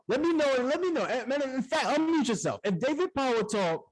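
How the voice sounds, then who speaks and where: Call host, male, high voice, loud casual hype energy. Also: fairly quick, hardly any pauses, rough recording. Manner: excited, hyping the audience, casual slang. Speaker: host of a community accountability call. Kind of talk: hype-style hosting on an online group call. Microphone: online call microphone.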